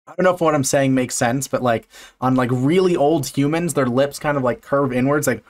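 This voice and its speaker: A man's voice: mid-range voice, fairly quick. A man, a fish biologist, giving casual reaction commentary on a video in a sarcastic, amused and profane way.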